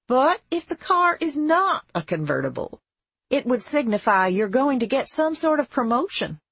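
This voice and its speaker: A woman narrator voicing a placid, motherly older housewife who speaks calmly and gently. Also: high voice, moderate pace, breathy edge, dry recording, voice pushed up, full character voice. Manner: calm, gentle.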